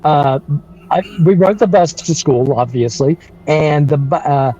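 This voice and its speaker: A man's voice: fairly high pitch, measured pace, warm tone, lo-fi sound. Rambling man in his sixties. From North Carolina. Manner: rambling, with restarts and chuckles. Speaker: guest storyteller. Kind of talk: casual storytelling on a livestream.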